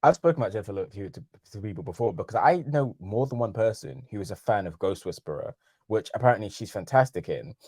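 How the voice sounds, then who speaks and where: Podcast co-host, man in his 30s, sardonic, very lively pitch, dry close mic. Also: dry recording. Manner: sardonic, emphatic, incredulous rants. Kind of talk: casual chat.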